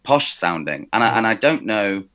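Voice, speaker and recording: A man's voice: lowish voice, normal speed. A man from Somerset with a slightly posh West Country accent, chatting animatedly as a podcast co-host. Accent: slightly posh West Country English. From Somerset, England. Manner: chatty, restarts often, animated. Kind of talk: casual chat.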